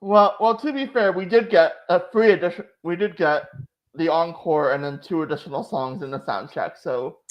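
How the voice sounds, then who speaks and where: A woman's voice: lowish voice, normal speed, highs cut off. A woman hosting a channel, chatting casually and emotionally, full of "like" fillers. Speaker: channel host. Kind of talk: casual chat recap.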